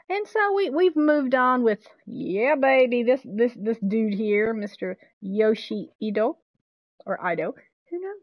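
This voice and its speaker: A woman streaming a game live, chatting casually with viewers, excitable and swearing freely. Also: a little high, no echo, muffled recording.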